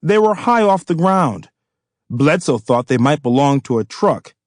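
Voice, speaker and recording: A man narrating his own novel as an audiobook, in a measured, even manner. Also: on the high side, no room sound, clean studio sound. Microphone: studio microphone.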